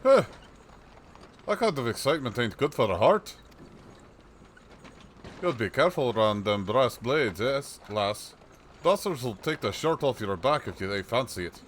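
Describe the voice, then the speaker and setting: A man's voice: medium pitch, very animated, normal speed, long pauses, slight background noise, natural voice. A man voicing a chatty old male peddler with a put-on rustic accent and a folksy, rambling way of talking. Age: older. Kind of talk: reading game dialogue aloud on a livestream.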